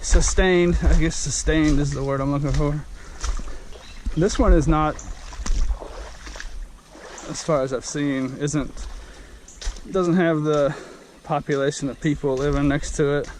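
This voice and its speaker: A man's voice: a little high, fairly even intonation, a little slow, long pauses, darkish tone, slight background noise. A man narrating a casual creek-walk vlog outdoors, rambling and thinking aloud as he searches for words, recorded on an action camera mic. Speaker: creek-walking vlogger.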